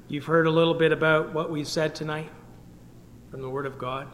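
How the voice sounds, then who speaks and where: A man from Canada preaching an earnest gospel sermon, pleading with his listeners and swinging between loud and soft. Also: a little high, fairly even intonation, fairly quick, big-room sound, a little hiss or hum. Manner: earnest, pleading, rises and drops in volume. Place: meeting hall.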